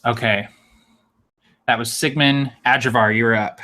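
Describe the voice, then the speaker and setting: Man, game master, bright clear tone, descriptive casual narration. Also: mid-range voice, fairly even intonation, a little slow. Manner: descriptive, easygoing narration with frequent fillers.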